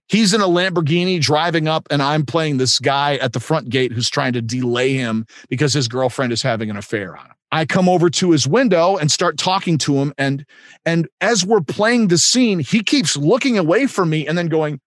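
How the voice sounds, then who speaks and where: A man tells showbiz anecdotes with animation and acts out the other voices. His voice sits slightly high, and the recording is close and dry. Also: moderate pace, no room sound. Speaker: guest, improv and voiceover actor. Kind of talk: anecdotal storytelling.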